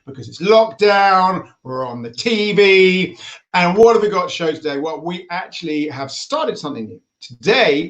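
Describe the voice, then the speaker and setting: A man with a high voice hosts a casual stream. He is chatty and playful, and he teases and jokes as he talks. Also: animated, moderate pace, a bit bright, lo-fi sound. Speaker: host. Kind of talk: casual live-stream chat.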